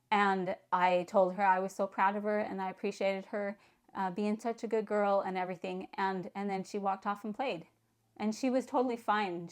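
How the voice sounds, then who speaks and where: A middle-aged woman and grandmother calmly telling a parenting story to camera, frank and plain-spoken, often repeating words as she starts a sentence. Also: medium pitch. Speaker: parenting vlogger.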